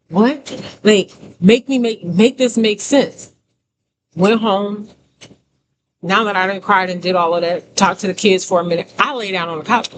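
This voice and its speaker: A woman giving a conversational testimony sermon as a prophetic teacher, emphatic, repeating phrases and talking straight to her listeners. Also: lowish voice. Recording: noisy background hiss.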